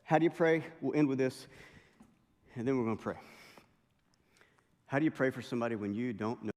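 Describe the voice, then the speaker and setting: A middle-aged male pastor preaching a sermon, telling stories in a lively way with impressions and asides. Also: medium pitch, a little fast. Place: large chapel hall. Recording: long chapel reverb.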